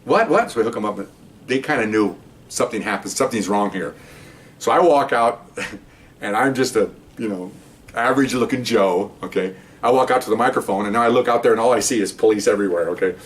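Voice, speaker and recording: An older man, a retired police officer, tells a story to camera at a quick clip, acting out the voices of the people in it. His voice sits back from the microphone, with some distance in the sound. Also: lowish voice. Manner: animated, acts out voices in quotes.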